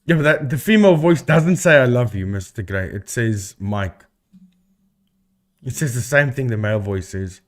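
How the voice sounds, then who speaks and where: Chatty animated man streaming live. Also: medium pitch, moderate pace. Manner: chatty, talks to chat and thinks aloud. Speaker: live-stream host debunking ghost videos. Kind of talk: casual live-stream commentary.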